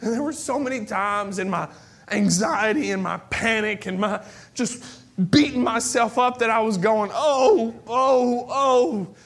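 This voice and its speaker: This pastor's sermon moves at a moderate pace in a high voice. His delivery ranges from almost whispering to crying out, and he repeats phrases to stress them.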